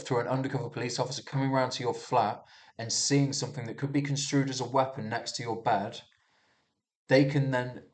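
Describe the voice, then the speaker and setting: A man riffing on the news in a loose, unscripted monologue. He talks heatedly, trips over his words and restarts sentences often, and swears freely along the way. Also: medium pitch. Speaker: commentator reviewing the news. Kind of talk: casual rambling monologue.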